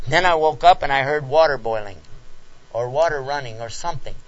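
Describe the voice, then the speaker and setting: A man speaking at a talk, telling a personal story in an animated way and acting out the scenes. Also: mid-range voice, a little fast. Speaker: lecturer answering questions. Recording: dull lo-fi recording.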